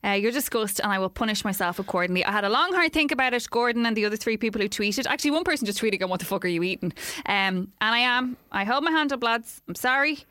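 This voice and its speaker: A woman's voice: a little high, lively intonation, fast talker, hardly any pauses, pushed and bright, no echo. A young woman co-hosting a podcast, chatting casually and poking fun at herself. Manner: chatty, self-mocking, reads messages aloud with put-on voices. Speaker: podcast co-host. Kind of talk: casual chat.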